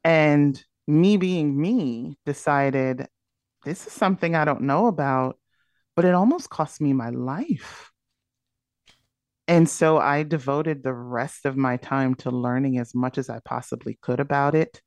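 A woman's voice: rumbling low, unhurried, darkish tone, dry recording. Earnest woman telling a personal story. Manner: earnest, candid, reflective. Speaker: podcast guest, burnout coach.

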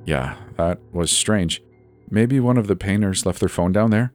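A man with a low voice plays an easygoing, reassuring young husband in a spoken horror story. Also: a little slow, darkish tone, soft background music.

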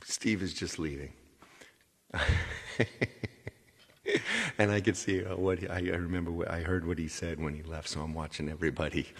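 A man's voice: low voice, flat delivery, brisk, long pauses, big-room sound. A man hosting a live online music stream, chatting casually to his viewers in a rambling, chuckly way and repeating himself. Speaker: livestream singer and host.

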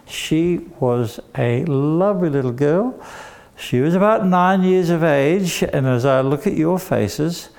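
A man telling a story to children in a gentle, expressive way, talking straight to the kids. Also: on the high side, slow.

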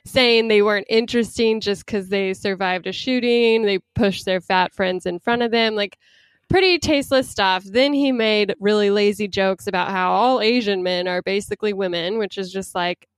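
A woman in casual conversation, chatty and quick to laugh, with lots of fillers. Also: medium pitch, clean tone, no echo. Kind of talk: casual chat about news.

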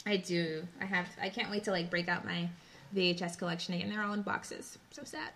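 Young woman cohost riffing about movies, bright forward voice, jokey and rambling. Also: lowish voice, fairly even intonation, brisk, slight background noise. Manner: chatty, joking, trailing off. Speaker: podcast co-host. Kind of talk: casual chat.

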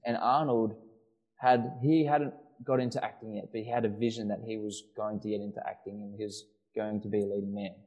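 A man's voice: on the low side, steady tone, fairly quick, narrow, tinny audio. A man co-hosting a casual podcast, telling a long story with many restarts and fillers. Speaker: podcast co-host. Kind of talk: casual chat.

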